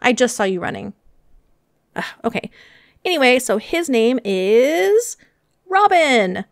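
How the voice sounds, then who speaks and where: A young woman hosting a gaming channel, chatting casually and excitedly through her gameplay and talking to her animals. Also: high voice, unhurried, gravelly, no room sound. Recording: dry close mic with faint music.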